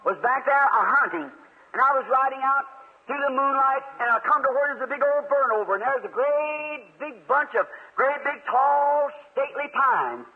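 A man preaching a sermon, telling folksy stories and acting out both sides of conversations with animated energy. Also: very high-pitched, normal speed. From United States. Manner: animated, folksy storytelling, acts out dialogue, chuckles often. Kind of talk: sermon with storytelling. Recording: tinny lo-fi archival recording.

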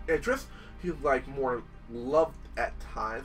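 An excitable man talks casually through his gameplay, often breaking into shouts. His voice sits a little high and sounds bright and lively, swinging widely in pitch. He is recorded from a distance from the mic, with game music playing faintly behind him. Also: fairly quick, breathy edge. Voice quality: excitable, squeals and shouts in disgust. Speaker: gaming video host. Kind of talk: casual let's-play commentary.

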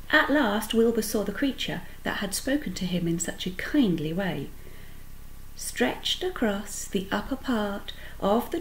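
A woman reading a children's book aloud, pausing to explain words to young listeners. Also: mid-range voice, vocal fry, a little mellow, a little hiss or hum, low-quality recording. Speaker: storyteller.

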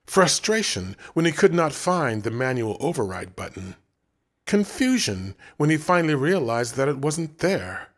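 Man narrating a story, expressive reading. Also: mid-range voice, unhurried. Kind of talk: audiobook narration.

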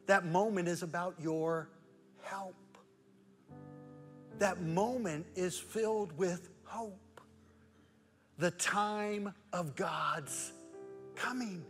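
A man preaching a sermon as pastor, moving between loud emphatic rhetorical questions and soft, hushed prayer. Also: high-pitched, very slow, pauses often, big-room sound, soft background music. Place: church sanctuary.

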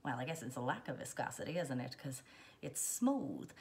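A woman's voice: rumbling low, sing-song, moderate pace, gravelly. A woman hosting a casual cocktail how-to, chatty and jokey, wandering into playful asides as she mixes. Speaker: home bartender host.

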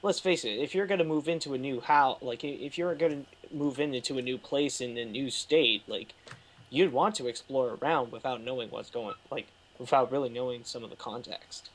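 A man's voice: medium pitch, a little fast, a little hiss or hum. A man guesting on a casual film podcast, rambling with many "like"s as he explains. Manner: filler-heavy, rambling, many "like"s.

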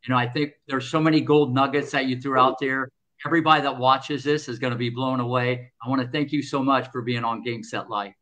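Bright-voiced male co-host. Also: medium pitch, fairly even intonation, fairly quick, muffled recording. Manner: upbeat and complimentary when wrapping up. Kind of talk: casual interview talk.

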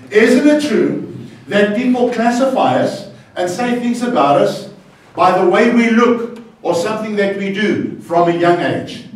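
A South African pastor preaching a lively, playful sermon and bantering with his congregation. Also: sits high. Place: church hall. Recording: very echoey church hall, far from the mic.

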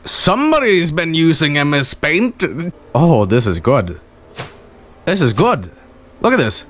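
A man's voice: on the high side, sing-song, measured pace, fairly bright tone. A man doing profane, mocking let's play commentary on bad games, laughing often. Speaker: streamer.

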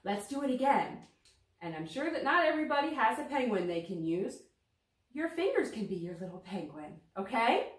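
A woman children's librarian leading a baby storytime, reading aloud and singing nursery songs in a gentle, playful way. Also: a little high, sing-song, normal speed, roomy sound. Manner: sing-song, gentle and playful, talking to toddlers.

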